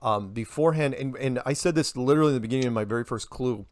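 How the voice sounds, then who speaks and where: A man's voice: medium pitch, rapid-fire, darkish tone, no echo. A man talking in a casual podcast conversation, rambling, laughing often and acting out the quotes he reports. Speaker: podcast guest.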